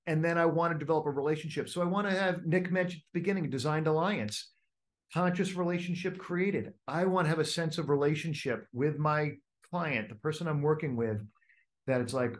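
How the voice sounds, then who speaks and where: A man's voice: on the high side, a little fast. A man coaching a group, talking casually with many fillers and restarts and acting out inner voices. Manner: animated, acts out inner voices. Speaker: coach leading a group call. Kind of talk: casual teaching talk.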